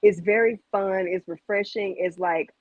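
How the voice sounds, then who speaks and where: A young woman from Mississippi with a Southern accent, a guest singer chatting in an interview, bubbly and quick to laugh. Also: mid-range voice, dry recording, dull audio. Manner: bubbly, giggly, lively. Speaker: R&B group member, guest. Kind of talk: casual interview chat.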